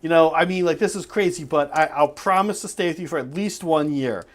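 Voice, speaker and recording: A man's voice: fairly high pitch, a little fast, close to an everyday voice. A man voicing a pushy female frog under a spell, who wheedles and then blows up in exasperation while telling a joke. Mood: wheedling.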